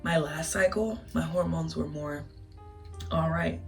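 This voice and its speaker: A young woman telling a casual storytime vlog, animated and emotional, laughing through tears. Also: low-pitched, measured pace, creaky. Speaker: vlogger. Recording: distant mic with music behind.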